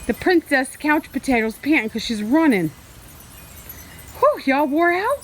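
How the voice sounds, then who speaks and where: Woman vlogger, high lively voice, unhurried, coos at her pets outdoors. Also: a little hiss or hum. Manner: doting, laughing, sing-song praise. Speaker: homestead vlogger. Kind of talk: casual talk to pets while filming.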